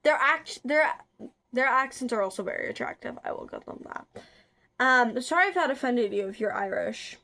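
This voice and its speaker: A chatty young woman with a slightly high voice talks casually to her viewers. She rambles, trips over her words and fills gaps with likes and ums. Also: expressive, moderate pace, bright, forceful tone. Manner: rambling, chatty, frequent filler words and restarts. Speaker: vlogger. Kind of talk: casual chat.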